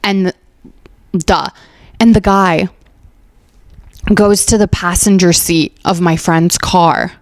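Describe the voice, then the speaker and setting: A woman's voice: fairly low pitch, slow pace, pauses often, no room sound, clean studio sound. A woman comedian hosting her podcast and telling a rambling, profane comic story, filling her talk with "like" and acting out other people's lines. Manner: profane, rambling, heavy on "like" fillers; acts out other people's lines in animated voices. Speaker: podcast host and stand-up comedian.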